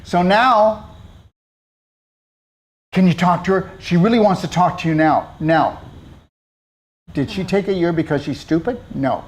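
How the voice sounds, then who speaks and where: A man's voice: high-pitched, a little slow, pauses often. A man hosting a casual health talk, blunt and preachy, hammering his points home with emphatic repetition. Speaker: host.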